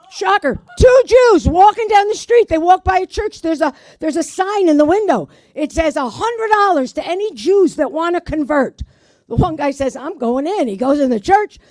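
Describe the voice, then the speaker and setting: A woman's voice: very high-pitched, animated, unhurried, darkish tone, no echo, clean studio sound. A woman doing stand-up, telling old jokes in a brash manner and swearing at the audience. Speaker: stand-up comedian. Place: community arts center stage.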